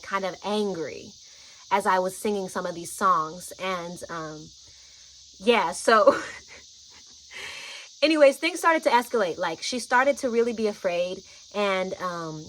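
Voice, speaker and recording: A woman vlogger telling a personal story, chatty and animated, often saying "like" and "y'all". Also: medium pitch, a little hiss or hum, rough recording.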